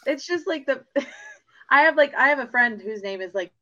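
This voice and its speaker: A woman co-hosting a hockey fan podcast with a bright, crisp edge to her voice. She talks in loose, rambling sentences, fills them with "like," and laughs between her thoughts. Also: sits high, lively intonation, normal speed, dull audio. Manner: rambling, lots of 'like', laughing. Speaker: podcast co-host. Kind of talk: casual chat.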